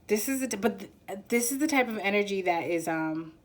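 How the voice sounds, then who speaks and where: A woman's voice: medium pitch, expressive, brisk. A woman giving a casual pick-a-card tarot reading, rambling and giggly as she searches for words.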